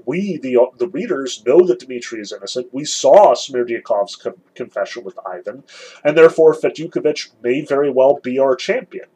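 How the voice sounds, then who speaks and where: A man's voice: mid-range voice, mellow, husky, low-quality recording. A man teaching a literature lesson, explaining the scene step by step and weighing each side in turn. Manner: explanatory, weighs both sides repeatedly. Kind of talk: recorded lecture.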